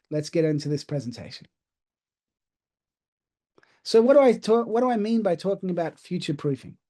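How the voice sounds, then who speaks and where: A man's voice: a little high, dark tone. A man from Australia with an accent mixing Australian, British and American, giving a chatty, self-deprecating webinar presentation. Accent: Australian mixed with British and American.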